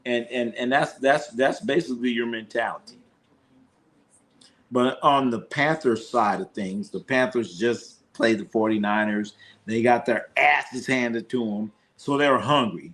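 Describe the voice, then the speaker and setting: A man's voice: mid-range voice, normal speed, a bit bright. A man recapping football scores on a live stream, rambling and profane, repeating himself as he riffs. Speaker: sports streamer. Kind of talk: casual sports recap.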